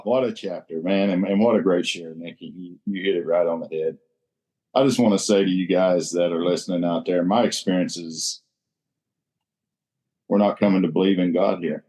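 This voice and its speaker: A man's voice: sits low, darkish tone. A man who is a regular on a recovery roundtable, explaining the text in an emphatic, teacherly and folksy way.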